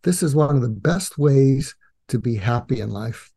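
Older man telling a lively story. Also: medium pitch, moderate pace, creaky, breathy edge. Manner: animated storyteller acting out quoted dialogue. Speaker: guest, psychiatrist and author. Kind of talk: casual storytelling interview.

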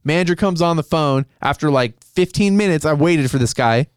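A man with a smooth, clear and slightly high voice, telling a story in a loose, animated and profane way. He speaks close to the mic in a dry, dead room. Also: moderate pace, no room sound. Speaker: storyteller in a podcast chat. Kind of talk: casual chat.

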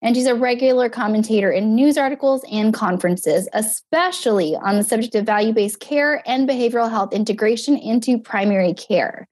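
A woman podcast host with a somewhat high voice that is strained because she is losing it. She reads the guest's introduction in a friendly way. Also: a little fast, few pauses, darkish tone. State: losing her voice. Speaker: co-host, licensed counselor.

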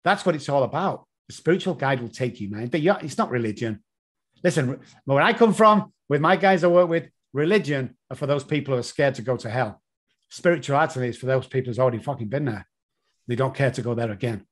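A man's voice: medium pitch, animated, fairly quick. A man with an English accent giving an emphatic motivational talk, repeating key phrases and swearing freely. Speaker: motivational speaker.

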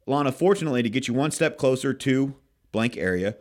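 A man hosting a podcast, coaching real estate agents in an energetic, emphatic way and acting out sales scripts. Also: mid-range voice, a little fast. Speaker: podcast host and real estate team leader. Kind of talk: casual coaching talk.

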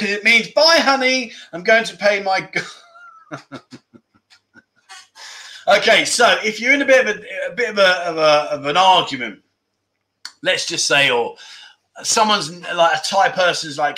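A man's voice: on the high side, bright, forceful tone. Giggly man hosting a livestream. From England. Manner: giggly, laughs often between lines. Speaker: livestream host. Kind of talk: casual livestream chat reading viewer comments.

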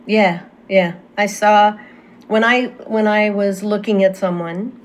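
A woman's voice: mid-range voice, steady tone. A woman talking as a guest medium, telling a personal story in casual conversation with fillers and restarts. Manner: earnest, halting with fillers and restarts.

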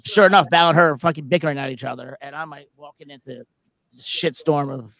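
A man's voice: a little high, vocal fry, fairly bright tone. A man co-hosting a podcast, casually telling a bar story in a loose, swearing way. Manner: fast and loose, swears freely.

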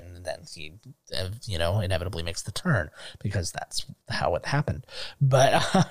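A young man from Canada co-hosting a casual movie commentary, animated and acting out quotes with laughs. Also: low voice, moderate pace, no echo. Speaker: podcast co-host.

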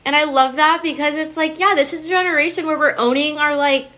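A woman's voice: high voice, fairly even intonation, brisk, crowd noise. A young adult woman hosting a podcast in casual chat, gushing and exclamatory, swearing freely. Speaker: podcast host.

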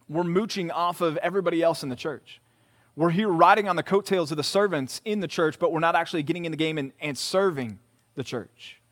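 A male pastor giving a conversational sermon to a college group in a church room, emphatic and repeating key words. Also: fairly high pitch.

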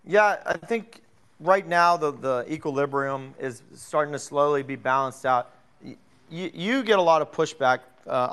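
Brief: male co-host, slightly high pitch, rambling with restarts, casual and profane. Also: fairly bright tone, clear, resonant tone. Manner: rambling, restarts a lot, heated about scammers. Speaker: co-host of a live audio room.

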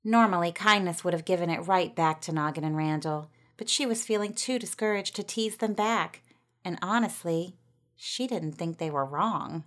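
A woman reads a children's story aloud with gentle expression. Her voice sits a little lower than most women's, and she shapes the tale carefully, line by line. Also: moderate pace. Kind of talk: storybook narration.

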